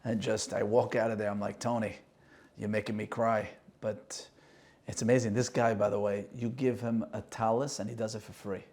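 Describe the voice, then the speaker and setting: A man's voice: lowish voice, little pitch movement, fairly quick, a little mellow. A man hosting a conversation, telling a personal story with emotion and acting out the quoted dialogue. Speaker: host and singer.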